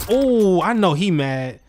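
A young man streaming a shooter game, talking casually with excitable trash talk, humming and swearing over gunfire. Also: medium pitch, slight background noise. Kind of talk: casual gameplay commentary. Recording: game mic with loud gunfire behind. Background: game gunfire and clicks.

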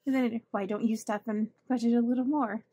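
A chatty woman with a higher, slightly husky voice, talking through her mail in a casual vlog. She gushes and laughs often, thanking people as she goes. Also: steady tone, fairly quick, mellow. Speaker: budgeting channel host. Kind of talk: casual chat opening mail.

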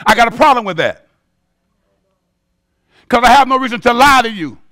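A man's voice: very high-pitched, expressive, normal speed, pushed and bright. A male pastor preaching a sermon in a rhythmic call-and-response style, chanting bold declarations to the congregation.

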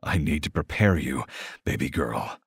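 A man voicing a huge, protective, dominant alpha shifter man with a low, intimate, commanding delivery, in an audiobook romance. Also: lively intonation, a little slow, gravelly, breathy edge, dry recording, clean studio sound, heavily acted. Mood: tender.

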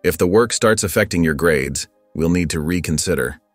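A protective, steady father figure, voiced by a man in an audio story, speaking gently and earnestly. The voice is very deep, with soft music behind. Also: moderate pace, dry recording. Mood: caring.

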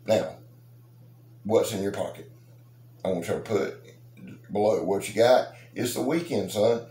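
A man's voice: fairly low pitch, measured pace, dark tone. Middle-aged guy rambling about knives, jokey and folksy, faint noise behind. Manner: rambling, joking, folksy and boastful. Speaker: knife channel host. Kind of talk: casual talk to subscribers. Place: outdoors. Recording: roomy echo with faint noise.

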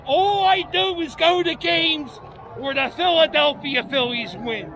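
A man hosting a comedic fan vlog from the stands of an outdoor baseball stadium, jokey and self-mocking, breaking into shouts. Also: very high voice, a little slow. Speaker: comedic vlogger host. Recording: crowd noise of a ballpark. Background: loud stadium crowd.

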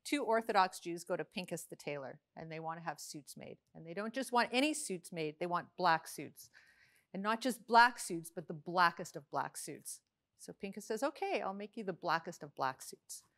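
Woman, joke teller, lowish voice, deadpan, steady. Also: moderate pace. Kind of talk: telling a joke.

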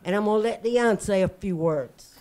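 A woman hosts a community birthday party in an upbeat, chatty way. Her voice sits at a mid pitch, and she keeps the talk moving. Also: normal speed, mellow. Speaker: event host.

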